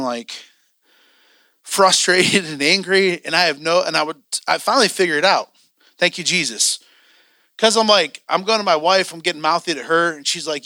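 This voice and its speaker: A man's voice: high voice, bright, forceful tone, no room sound, clean studio sound. A man teaching a church training class, candid and joking, acting out the voices he quotes.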